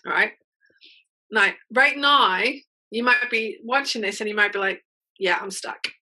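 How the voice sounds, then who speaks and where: An upbeat woman teaches an online workshop in a chatty, encouraging way. Her voice sits a little high and sounds bright and forceful, and she keeps checking in with her listeners as she talks. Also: measured pace, poor audio. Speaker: mental game coach.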